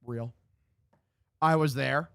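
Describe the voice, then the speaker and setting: A young man streams from his home room, casually chatting with viewers while giving live play-by-play of his game. He's loose and profane, reading chat aloud and replying. His mid-range voice is gravelly yet smooth and fairly bright, delivered slowly, with a clean studio-quality sound and no room echo.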